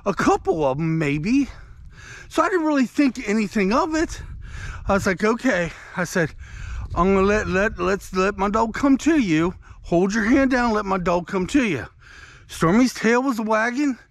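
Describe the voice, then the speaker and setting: On a walk through the countryside, a man vlogs outdoors and tells his viewers a meandering, chatty story as he goes. His voice is high-pitched with some vocal fry, and the recording sounds dry.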